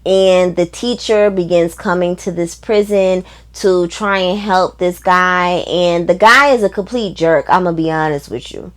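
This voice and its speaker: A woman's voice: on the low side, unhurried, hardly any pauses. A woman book vlogger talking casually and emphatically, with lots of fillers and frequent laughs. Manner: chatty, emphatic, many fillers; reads quotes in a voice, laughs often. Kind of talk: casual book review chat.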